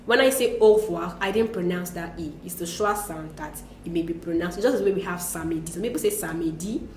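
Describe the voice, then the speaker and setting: A woman teaching French greetings in a relaxed lesson, patiently explaining and repeating example phrases. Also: on the low side, a little fast, roomy sound. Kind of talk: conversational language lesson.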